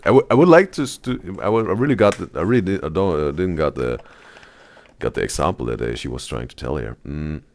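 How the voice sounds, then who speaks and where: A man streaming a casual reaction video, rambling with many restarts and trailing off quietly. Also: rumbling low, lively intonation, fairly quick, creaky, dry recording.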